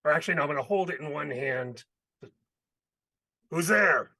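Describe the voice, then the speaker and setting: Casting: man, tabletop player, bright tone, dry close-mic sound, gruff and practical. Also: fairly high pitch, very fast, dry recording, poor audio. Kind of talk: tabletop role-play, in character.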